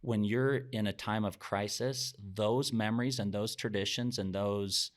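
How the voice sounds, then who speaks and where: Middle-aged male podcast guest, low voice, earnest reflective storytelling. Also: steady tone, unhurried. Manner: earnest, reflective, sometimes emotional. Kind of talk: heartfelt personal storytelling.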